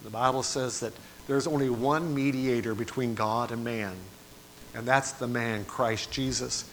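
A man preaching a sermon, moving from quiet, low passages to loud, dramatic cries. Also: fairly even intonation, unhurried, a little hiss or hum. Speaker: pastor.

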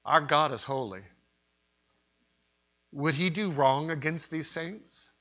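A man preaching a sermon in an emphatic way, rising to loud cries when he voices quoted pleas. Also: fairly high pitch, slow. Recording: dull lo-fi sermon recording.

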